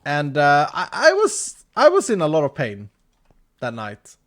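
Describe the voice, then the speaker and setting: A man's voice: a little high, measured pace. A man in his thirties from Sweden, speaking English as he animatedly tells a story while gaming on a live stream. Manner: animated, with restarts and laughter.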